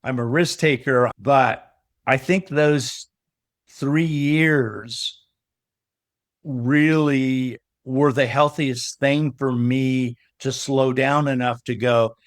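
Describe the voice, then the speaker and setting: Animated middle-aged man telling a story. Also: medium pitch, slow, no room sound, studio quality. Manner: animated storyteller who acts out remembered dialogue. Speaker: podcast guest, business coach. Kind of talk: storytelling in a casual interview.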